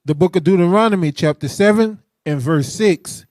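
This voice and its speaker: Guy co-hosting a bible talk, wry quips, reads verses out, slightly high voice, dry sound. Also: moderate pace, a little mellow, no echo. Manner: wry interjections, reads scripture aloud. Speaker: co-host. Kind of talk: religious teaching discussion.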